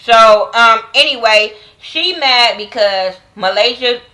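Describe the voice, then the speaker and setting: A woman's voice: a little high, slow, pushed and bright, low-quality recording. A woman giving a blunt, profane, slang-heavy casual review of a reality TV episode. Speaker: reality TV recap vlogger.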